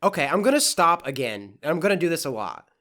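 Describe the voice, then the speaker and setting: A podcast host giving sarcastic, profane reaction commentary in deadpan asides. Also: mid-range voice, brisk.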